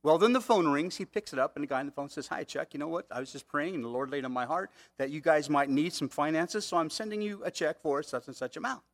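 A man's voice: fairly high pitch, fast talker, few pauses. A man preaching a conversational sermon, asking the congregation rhetorical questions. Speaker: pastor.

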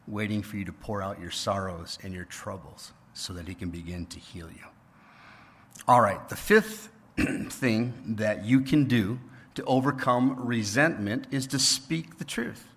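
A man's voice: on the low side, husky. A male pastor preaching a sermon in a conversational, explaining manner. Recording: reverberant hall.

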